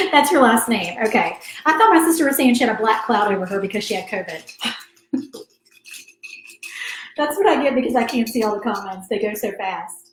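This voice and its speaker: A woman's voice: on the high side, animated, moderate pace, long pauses. A woman, chatting casually while she paints and reads viewer comments aloud on a craft livestream. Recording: roomy echo.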